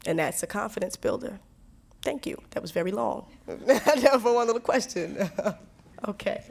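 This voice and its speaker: A young woman answering students' questions in a candid talk, animated and laughing, acting out quotes as she tells stories. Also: medium pitch, moderate pace, gravelly. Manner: animated storytelling, acts out quotes; warm, frequent laughs and restarts.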